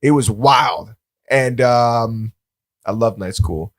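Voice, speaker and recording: A man's voice: medium pitch, takes it slowly, no room sound. A young man co-hosting a podcast in casual banter, rambling and laid-back with lots of fillers. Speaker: podcast co-host.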